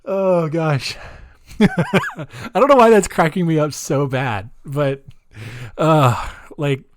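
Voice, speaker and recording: A man's voice: a little high, sing-song, slow, noisy background. A man hosting a podcast, telling a true-crime story casually with a sarcastic, giggly, incredulous manner. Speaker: podcast host.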